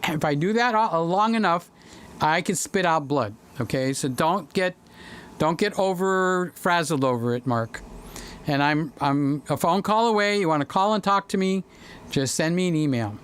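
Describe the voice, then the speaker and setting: In a home studio room, a livestream host chats casually with his audience, reading their comments, addressing them by name, and occasionally breaking into song. His voice is a little high, bright, clear and resonant, expressive, and measured in pace.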